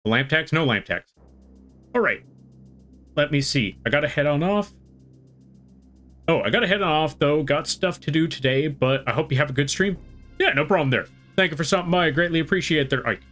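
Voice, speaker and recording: A man's voice: fairly high pitch, animated, fairly quick, fairly bright tone, faint music behind. A man from the western United States with a slight Southern-tinged American accent, chatting casually on a live art stream and greeting viewers by name. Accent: American with a slight Southern twang. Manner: friendly, rambling, greets chat by name.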